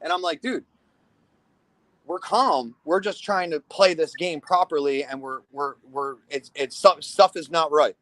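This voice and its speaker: Guy with a highish voice ranting about a paintball game, swears a lot, says "right?" constantly, dry close sound. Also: dry recording. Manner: animated, profane, keeps asking "right?"; acts out other people's lines in quick bursts. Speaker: paintball team commander. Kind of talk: casual podcast storytelling.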